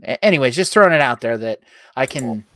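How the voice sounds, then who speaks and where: A man's voice: mid-range voice, expressive, brisk, fairly bright tone. A man speaking casually and briefly in an online meeting over a video call.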